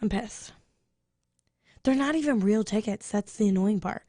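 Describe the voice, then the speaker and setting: A woman radio co-host ranting and swearing in casual chat, fired up and talking fast. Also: mid-range voice, dark tone, no echo, studio quality. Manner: angry venting, swearing, rapid rants.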